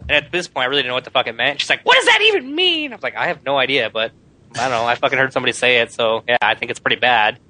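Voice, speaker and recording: A man co-hosting a casual gaming podcast, telling animated, profane stories. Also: medium pitch, very fast, dry recording, low-quality recording. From Phoenix, USA. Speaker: podcast co-host.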